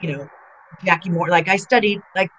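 A woman's voice: on the low side, brisk, fairly bright tone, lo-fi sound, a little hiss or hum. A middle-aged woman from California talks as a guest in a casual interview. She rambles through stories with many false starts and restarts. Her delivery is loose and conversational. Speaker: retired wrestler guest.

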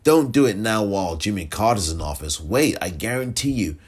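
A man putting on the voice of an older male politician making a sly backroom promise, speaking low and half-whispered. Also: lively intonation, fairly quick, husky. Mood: conspiratorial.

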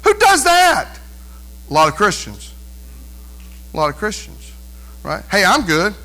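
Male pastor preaching in church; very high, bright voice, emphatic delivery, lots of rhetorical questions. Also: wildly swooping pitch, measured pace, poor audio. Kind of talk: sermon.

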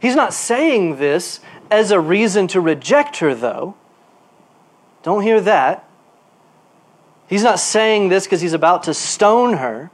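A male pastor preaching a sermon. His delivery is animated, moving from quiet asides to emphatic bursts, and he repeats words while he looks for a phrase. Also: high voice, takes it slowly, pauses often.

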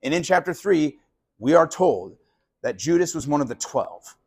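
A man preaching a sermon with a husky, somewhat high voice. He keeps it loose and conversational and slips into the voices of the people in his story. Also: moderate pace. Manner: animated, casual, acts out quoted voices. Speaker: pastor. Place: live sermon at a college venue.

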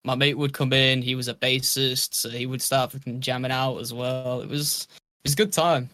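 A man's voice: mid-range voice, level tone, normal speed, sharp tone, no room sound. A young British man in casual podcast chat, laid-back, swearing freely and laughing as he talks. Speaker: podcast co-host.

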